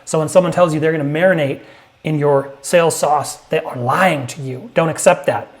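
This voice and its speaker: A man teaching sales technique to camera, emphatic and punchy, now and then acting out prospects in a higher voice. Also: steady tone, normal speed. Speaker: sales coach. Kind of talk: direct-to-camera sales lesson.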